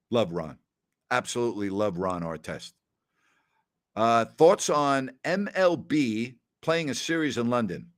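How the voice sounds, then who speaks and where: Fielding listener questions in a casual session, this middle-aged host speaks at a mid-level pitch and chats his way through stories. He voices quoted dialogue as he goes, and "absolutely" pops up again and again.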